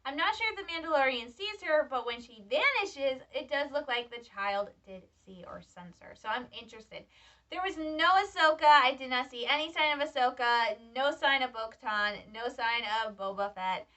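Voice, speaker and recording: A young woman from Michigan, a student, chatting excitedly to camera in a casual reaction vlog. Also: sits high, normal speed. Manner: excitable, chatty fan talk. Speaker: vlogger, student. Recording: slightly distant, dull lo-fi sound.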